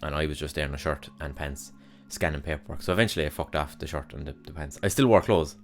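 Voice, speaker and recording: A man's voice: a bass voice, little pitch movement, quick pace, fairly bright tone, faint music behind. A young man hosting a podcast, telling rambling, sweary stories about his past jobs with exasperated humor. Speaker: podcast host. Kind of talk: casual solo monologue.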